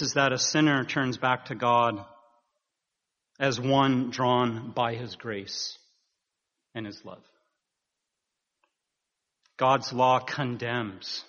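A man preaching a sermon in a measured, earnest way, rising with emphasis at key points. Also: mid-range voice, steady tone, a bit bright. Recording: dull sound in a reverberant hall.

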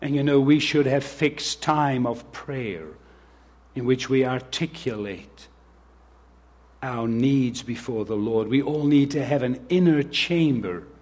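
Slow, husky-voiced male preacher. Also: medium pitch, darkish tone. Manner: slow, earnest preaching with scripture readings; speaks to children directly. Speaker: pastor. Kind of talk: sermon.

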